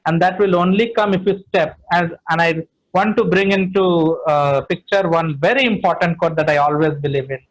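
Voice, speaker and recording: Guy with a high voice giving a pep talk over a video call, keeps repeating himself to drive it home. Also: moderate pace, hardly any pauses, poor audio. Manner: emphatic, repeats phrases for stress. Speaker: guest speaker, trainer. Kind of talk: online Q&A session.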